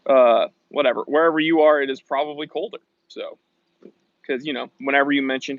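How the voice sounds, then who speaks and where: A man's voice: mid-range voice, steady tone, fairly quick, dry recording. Man, livestream host, chatty, greets viewers, reads comments aloud, outdoors in the shade, dull lo-fi audio, dry sound. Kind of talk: casual livestream chat.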